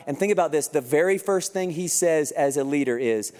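A man with a high-pitched voice gives a sermon in a conversational, storytelling way. He sounds congested, and the long reverb of a large hall trails after each phrase. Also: fairly quick, few pauses, a little mellow. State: congested from crying. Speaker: pastor.

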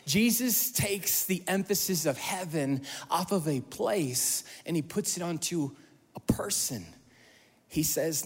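A man preaching a sermon as pastor, animated, acting out quoted voices with sudden loud bursts and hushed drops. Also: high voice, in a large hall.

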